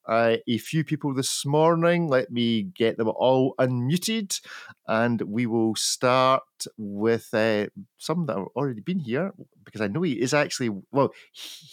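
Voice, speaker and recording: A man's voice: medium pitch, no echo. Guy hosting a watch podcast panel, chatty and jokey, dry close mic. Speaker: podcast host. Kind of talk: casual panel chat.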